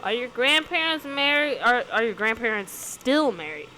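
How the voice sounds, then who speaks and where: In casual chat, a woman vlogger reads questions aloud and answers them, rambling and hesitant with plenty of ums and likes. Her voice sits on the high side with big pitch swings, a moderate pace, and a pushed, bright quality. Background music plays underneath.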